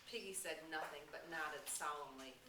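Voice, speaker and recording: A woman teacher reading a novel aloud in a steady, expressive way. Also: low-pitched, moderate pace. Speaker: English teacher. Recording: roomy room, distant mic, faint hiss.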